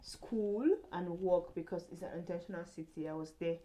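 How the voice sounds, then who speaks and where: Young woman chatting to her vlog cam, kinda low voice, rambly with lots of ums. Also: steady tone, a little fast, mellow, rough recording. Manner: rambling, many fillers and restarts. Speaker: vlogger. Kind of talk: casual chat to camera.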